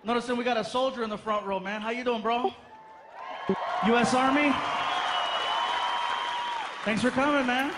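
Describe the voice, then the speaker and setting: A male stand-up comedian telling stories loudly and animatedly on a live stage. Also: very high voice, normal speed, long pauses. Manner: loud, animated storytelling to a crowd. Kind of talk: stand-up routine. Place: live stage in front of audience. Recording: noisy live show, crowd laughter.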